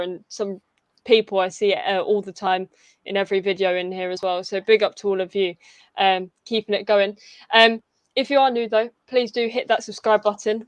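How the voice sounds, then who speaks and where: A woman's voice: medium pitch, no room sound. A young woman hosting a football fan livestream, chatty and upbeat, with lots of fillers, her voice getting tired. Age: young adult. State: losing her voice. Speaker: fan channel host. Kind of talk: casual fan livestream chat.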